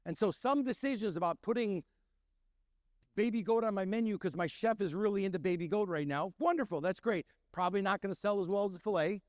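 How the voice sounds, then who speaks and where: A middle-aged man, a chef and restaurant owner, telling stories in an animated way and acting out the voices of the people he quotes. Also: sits high, a little fast, dry recording, clean studio sound. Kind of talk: storytelling talk.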